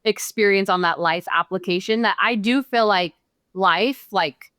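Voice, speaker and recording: A woman's voice: mid-range voice, measured pace, a bit bright, no echo, clean studio sound. A middle-aged woman speaking as a podcast guest, reflective, earnest and heartfelt. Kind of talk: reflective interview talk.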